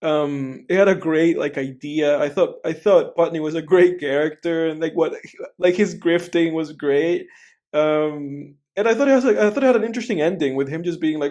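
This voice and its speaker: High-voiced young man, rambling film chat. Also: moderate pace, a little mellow. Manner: rambling, laughs often, acts out quoted lines, swears. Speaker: podcast co-host. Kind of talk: casual chat.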